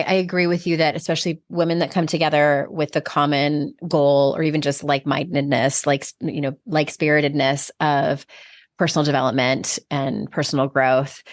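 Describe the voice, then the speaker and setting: Affirming woman podcast host, lowish voice. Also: no room sound, studio quality. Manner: warm, affirming, uses "like" often. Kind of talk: casual interview chat.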